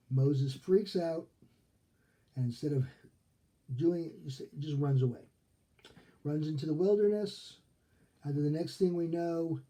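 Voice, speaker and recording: Dark-voiced man teaching a Torah lesson. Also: fairly high pitch. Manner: conversational, checks in with frequent "okay?"; acts out quoted characters in his retelling. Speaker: rabbi. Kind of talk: casual Torah study lesson.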